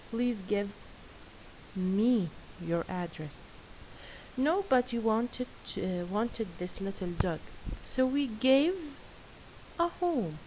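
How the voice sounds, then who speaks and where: A woman's voice: mid-range voice, a little mellow, low-quality recording. A woman teaching a grammar lesson to girls, patient and praising as she reads workbook answers. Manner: patient, praising, careful and slow. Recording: faint hiss.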